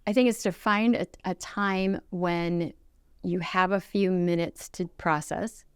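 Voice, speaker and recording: A woman's voice: fairly low pitch, unhurried, clear, resonant tone, dry recording, clean studio sound. A middle-aged woman giving relationship advice in a casual conversation, earnest and instructive, often acting out quoted apologies. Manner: acts out quoted apologies in lively voices.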